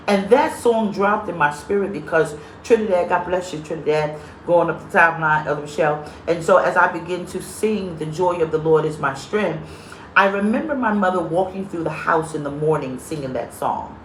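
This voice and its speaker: A woman's voice: fairly low pitch, brisk, a little hiss or hum. Woman pastor preaching in an echoey room. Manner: greets viewers by name between sentences; lively, comedic storyteller. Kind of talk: live-streamed sermon.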